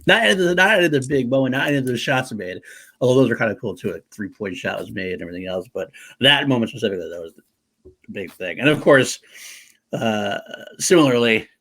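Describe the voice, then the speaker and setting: A man's voice: lowish voice, a bit bright, slightly rough. A man co-hosting a casual movie podcast, talking enthusiastically with swearing and frequent laughs. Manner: enthusiastic, profane, quick to laugh. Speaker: podcast co-host.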